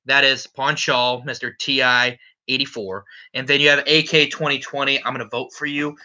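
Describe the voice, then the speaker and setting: A man's voice: mid-range voice, level tone, normal speed, bright, forceful tone. A man running a casual solo fantasy football recap as league commissioner, brash and profane, ribbing the other league members.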